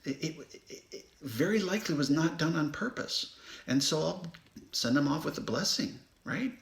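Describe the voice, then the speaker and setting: A man with a gravelly, creaky voice gives a loose spiritual talk straight to his viewers. He rambles from thought to thought and keeps checking in with "right?". The recording rings with a roomy echo. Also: a little high, lively intonation, moderate pace. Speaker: spiritual vlogger. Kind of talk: casual spiritual monologue.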